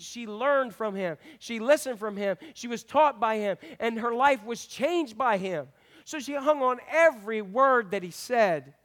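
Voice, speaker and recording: A man's voice: very high-pitched, a bit bright. A middle-aged man preaching a conversational sermon as pastor, often asking the congregation questions.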